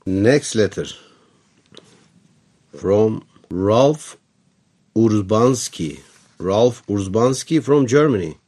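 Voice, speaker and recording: Man, Turkish accent, radio letters host, low voice, unhurried talk. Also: expressive, breathy edge. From Turkey. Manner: warm, chatty, non-native phrasing. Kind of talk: casual on-air letter reading.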